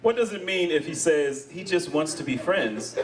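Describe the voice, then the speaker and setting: A man doing live stand-up comedy, acting out quoted voices in an animated way. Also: on the high side, moderate pace, noisy background. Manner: animated, acts out quoted voices, laughs along with the crowd. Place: comedy stage before a live audience. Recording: distant mic with loud audience laughter. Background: audience laughing.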